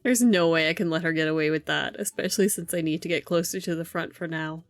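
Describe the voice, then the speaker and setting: A woman's voice: low voice, fast, no echo, faint music behind. A woman streamer reading a visual novel aloud and commenting, amused and profane, laughing often.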